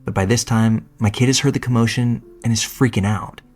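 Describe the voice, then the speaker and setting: A man's voice: medium pitch, fairly even intonation, brisk, darkish tone, faint music behind. A man reading a first-person horror story aloud in a casual, profane storytelling manner. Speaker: narrator. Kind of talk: scripted horror story narration.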